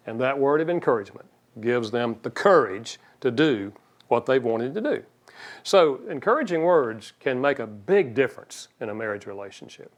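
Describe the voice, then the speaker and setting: A man giving a seminar talk on marriage, folksy, with joking asides, who acts out quoted spouses. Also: on the high side.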